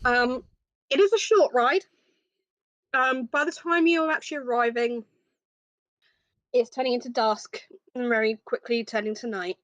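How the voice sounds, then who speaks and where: A woman's voice: fairly high pitch, fairly bright tone, no echo, highs cut off. Woman narrating as game master. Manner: descriptive, frequent "um" pauses.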